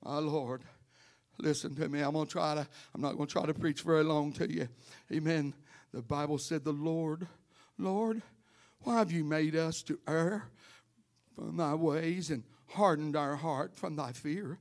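Male pastor, sermon, higher voice, storytelling, calls on congregation by name, fervent preaching. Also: normal speed. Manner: addresses congregation members by name. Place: church.

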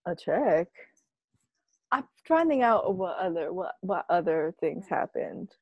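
A woman's voice: on the low side, big pitch swings, husky, no room sound, lo-fi sound. Bubbly, giggly teen girl in a dry room. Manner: bubbly, giggly, quick to apologize. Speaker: co-host. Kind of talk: casual chat.

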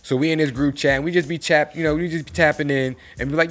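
A man's voice: a little high, fairly even intonation, fairly quick, hardly any pauses, faint music behind. A man giving a casual, preachy motivational rant, full of slang and rhetorical questions.

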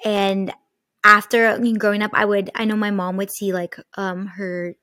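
A woman's voice: medium pitch, level tone, normal speed, bright, forceful tone, no room sound, studio quality. A young woman casually telling a personal ghost story, chatty, full of fillers and swearing.

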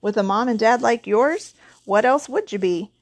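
A woman reading aloud, voicing a huge gruff half-giant man who booms and growls with a hot temper. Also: normal speed. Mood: hearty. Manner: booming, growling, indignant.

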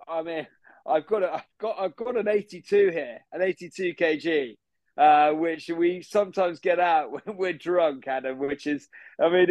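A man doing a smug young bro, pompous and self-assured, rambling on about himself in a fairly high voice. The sound is close and dry, with no room around it. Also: dry recording, dull audio, close to an everyday voice. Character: smug posh young City bro, boastful gym fanatic. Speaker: podcast guest. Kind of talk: improvised character comedy.

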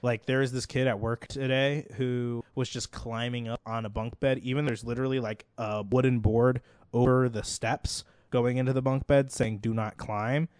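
A man's voice: mid-range voice, level tone, moderate pace, a little mellow, clear, resonant tone, dry recording. A man, co-hosting a casual podcast about movies, talking in a loose, rambling way full of "like". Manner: rambling, heavy on "like" fillers. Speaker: podcast co-host.

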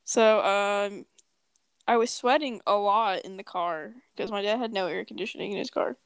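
A woman's voice: mid-range voice, normal speed, smooth, no echo. A young woman co-hosting a podcast, telling a story in a joking, profane, casual way. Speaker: podcast co-host. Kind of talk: casual chat.

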